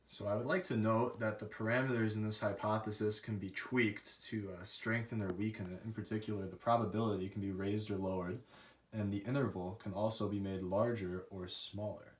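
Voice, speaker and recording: A young man giving an academic presentation, thoughtful and a little hesitant, with fillers as he explains his research. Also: fairly low pitch. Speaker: student presenter.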